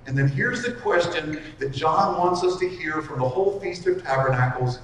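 An earnest middle-aged preacher, his voice a little high for a man, works through a passage and slows down to drive home the key lines. He sounds set back from the mic, with a long, roomy reverb filling the hall around him. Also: lively intonation. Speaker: pastor. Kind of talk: expository sermon. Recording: echoey hall from far off.

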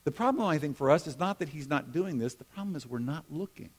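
A middle-aged man preaching a sermon in a conversational way, with humorous asides, moving between emphatic lines and hushed ones. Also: fairly high pitch, expressive, fast. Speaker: pastor.

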